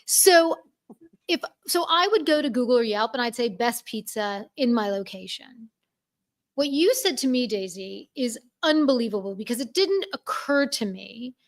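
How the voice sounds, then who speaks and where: A woman from New York hosting a casual panel chat over a video call, enthusiastic and full of quick asides. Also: sits high, expressive.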